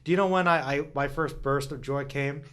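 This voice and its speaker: A man's voice: a little high, fairly even intonation, normal speed, a bit bright. A man co-hosting a podcast in casual chat, rambling and cutting himself off, laughing often. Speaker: podcast co-host.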